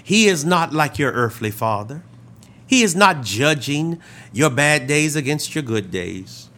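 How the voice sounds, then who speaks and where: Male pastor, fairly high voice with a lively pitch range, dramatic sermon delivery that drops to near-whispers. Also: measured pace. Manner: dramatic storytelling, acts out quoted voices, swings loud and hushed.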